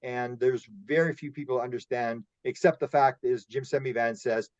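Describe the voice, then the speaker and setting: A man's voice: medium pitch, steady tone, normal speed, no echo, dull audio. A man speaking as a guest in a casual roundtable discussion, rambling and repeating words as he tells his stories.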